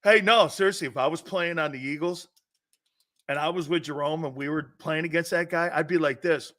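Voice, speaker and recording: A man hosting a sports talk show, telling stories loudly and laughing often between lines. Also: a little high, a little fast. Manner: loud, laughing, storytelling.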